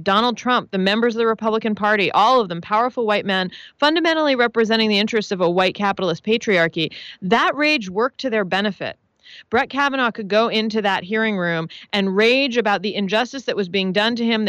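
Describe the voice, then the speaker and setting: A woman's voice: mid-range voice, fairly bright tone, no room sound. A woman answering as an interview guest, analytical and earnest, building her points in lists. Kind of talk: radio-style interview answer.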